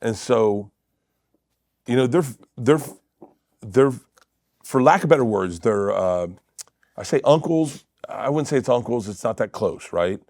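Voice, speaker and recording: A middle-aged man, a comedian guest, telling animated family stories in casual chat and acting out quotes with cursing. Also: medium pitch, unhurried, pauses often, dry recording, clean studio sound. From Florida.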